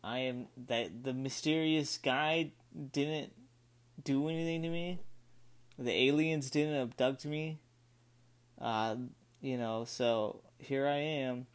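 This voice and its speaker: A man's voice: mid-range voice, slow pace, smooth. A man casually telling a spooky personal story in a rambling way, full of "like" and restarts. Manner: spooked, breathless retelling. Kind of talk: casual spoken story monologue.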